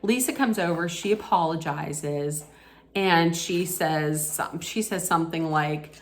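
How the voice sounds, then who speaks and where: A woman's voice: deep voice, measured pace. Chatty woman recapping reality TV. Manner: chatty, retelling scenes with quoted lines and many restarts. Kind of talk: casual recap and rant.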